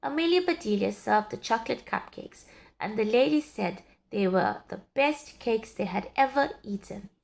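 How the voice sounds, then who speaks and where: A woman reading a children's story aloud in an expressive, sing-song way. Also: fairly high pitch, moderate pace, creaky. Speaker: storybook reader.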